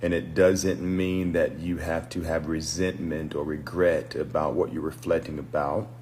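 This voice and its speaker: A preacher and deliverance minister giving a reflective, unhurried livestream teaching, greeting viewers by name as he goes. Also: sits low, a little mellow, slight background noise. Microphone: phone livestream.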